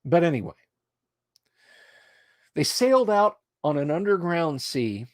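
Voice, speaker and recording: A middle-aged man hosting a casual livestream, rambling and hyping up his viewers with lively storytelling. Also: fairly high pitch, measured pace, no room sound, studio quality. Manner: animated, hype-building and rambling. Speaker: livestream host.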